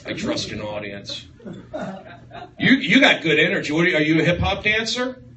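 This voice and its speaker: A man doing a rambling stand-up set, riffing excitably on the crowd in a small comedy room. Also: high-pitched, normal speed. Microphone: far live-stream phone mic. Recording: echoey, distant livestream with room noise.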